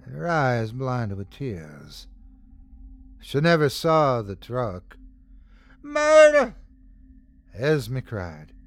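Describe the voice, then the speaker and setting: Slow, dramatic male horror narrator. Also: mid-range voice. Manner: dramatic, swells and drops for suspense. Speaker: host and narrator. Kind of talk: scripted horror story narration.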